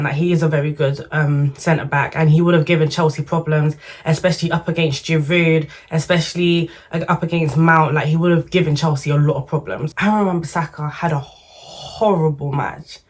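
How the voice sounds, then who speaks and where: A woman giving chatty, opinionated football commentary to camera, animated and full of slang. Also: low-pitched, normal speed. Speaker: football vlogger.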